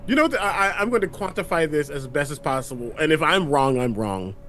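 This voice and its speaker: A man, a player in a tabletop game, who talks excitably and laughs often. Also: fairly high pitch, fairly quick, a little hiss or hum.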